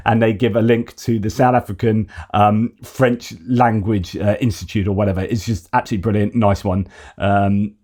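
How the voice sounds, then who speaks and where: A man's voice: lowish voice, flat delivery, moderate pace, a little mellow. Man giving offhand news commentary. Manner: conversational and opinionated, thinking aloud. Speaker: host of a news commentary channel.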